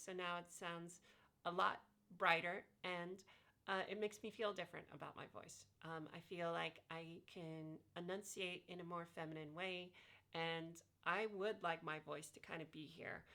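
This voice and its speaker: A woman's voice: lowish voice, vocal fry, sharp tone. A woman talking casually about her voice training, demonstrating vowel sounds with frequent fillers while lying on her back. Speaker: vlogger sharing voice training tips. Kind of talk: casual instructional talk.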